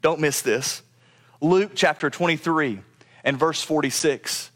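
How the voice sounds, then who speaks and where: Emphatic preaching man, slightly high voice. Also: unhurried, a bit bright. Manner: emphatic preaching, voice rising and dropping low on key phrases; repeats words when speeding up. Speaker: pastor. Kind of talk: sermon.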